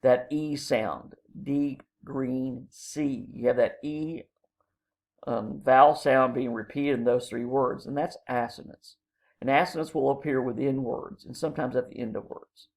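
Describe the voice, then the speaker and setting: Gravelly man lecturing slowly on poetry. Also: mid-range voice. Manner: explains terms slowly with many ums and uhs. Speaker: college English instructor.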